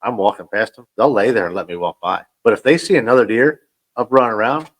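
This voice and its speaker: Animated storytelling man. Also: fairly low pitch, fast talker, low-quality recording. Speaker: podcast guest. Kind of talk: casual storytelling.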